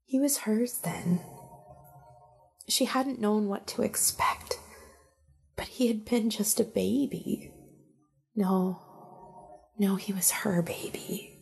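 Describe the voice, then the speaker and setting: Breathy, hushed woman storyteller. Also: mid-range voice, fairly even intonation, slow pace, pauses often, faint music behind. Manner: hushed, breathy storytelling, often near a whisper. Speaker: narrator. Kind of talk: storybook narration.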